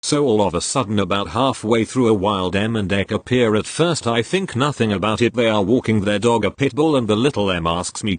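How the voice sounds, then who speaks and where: A man reading online posts aloud in a steady, even scripted narration. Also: fairly low pitch, no echo.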